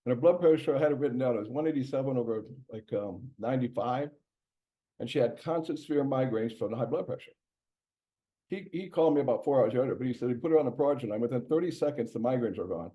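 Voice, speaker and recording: A man's voice: medium pitch, lively intonation, quick pace. A man, a doctor, giving a casual health presentation in a conversational way, with many fillers and restarts. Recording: dull lo-fi recording.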